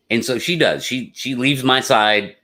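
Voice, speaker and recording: A man hosting a live stream, telling a personal story in a casual, rambling way. He gets excitable and repeats his words. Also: mid-range voice, takes it slowly, creaky. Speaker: podcast host.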